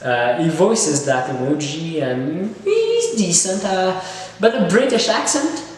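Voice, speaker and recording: Man reviewing a film, rambling and sarcastic, slightly high voice, long room reverb. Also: animated, takes it slowly. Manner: rambling and sarcastic with many fillers. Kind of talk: casual spoken film review.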